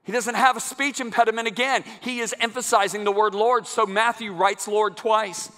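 A man preaching a sermon to a congregation in a large church, emphatic and building to loud climaxes. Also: high-pitched, steady tone, moderate pace. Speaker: guest preacher. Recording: long church hall reverb.

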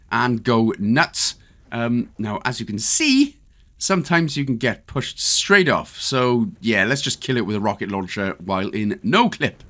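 A man's voice: medium pitch, a bit bright. A man with a Welsh accent giving a casual, jokey step-by-step game walkthrough as a channel host. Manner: chatty, jokey, step-by-step instructions.

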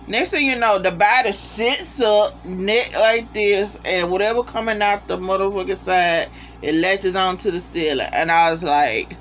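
A TV reviewer giving a casual spoken episode review, animated and profane, talking straight to the viewers. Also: medium pitch, measured pace, a little hiss or hum.

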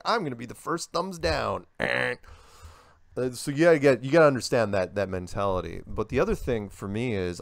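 An older man, a guest in a casual interview, telling stories in an animated way and acting out the voices he quotes. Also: fairly low pitch, gravelly, dry recording.

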